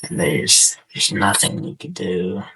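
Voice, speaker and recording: A young man hosting a casual podcast, speaking in a subdued, halting way with a sore throat, as if on the verge of tears. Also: low voice, completely flat delivery, bright, forceful tone, breathy edge, rough recording. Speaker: podcast host. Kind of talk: casual personal monologue over gameplay.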